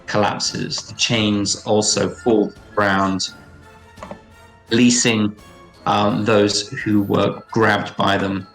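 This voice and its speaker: A man narrating as game master of a tabletop game, halting with many fillers and restarts. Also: fairly low pitch, level tone, fairly bright tone, low-quality recording. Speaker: dungeon master. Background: faint background music.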